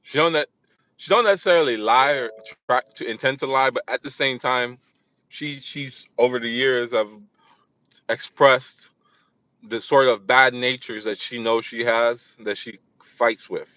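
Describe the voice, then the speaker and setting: A man gives a loose, rambling vlog monologue, stumbling over restarts and repeating himself. His voice sits at a middle pitch with a bright, forceful edge. The recording is dry and slightly dull, like cheap lo-fi gear. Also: unhurried, dry recording. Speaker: vlogger. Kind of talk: casual monologue.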